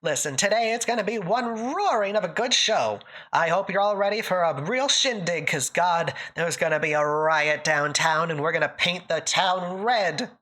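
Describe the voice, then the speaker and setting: A theatrical old-time radio host in a mid-Atlantic accent, as a woman puts him on. The delivery swoops up and down with an announcer's lilt. The voice sits fairly low. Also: lively intonation, moderate pace, fairly bright tone. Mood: rowdy.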